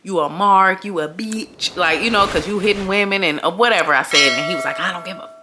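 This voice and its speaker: Animated woman telling a story, bright voice. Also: on the low side, brisk, a little hiss or hum. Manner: animated, slangy, acts out voices of friends. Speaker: storytime vlogger. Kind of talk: casual storytelling.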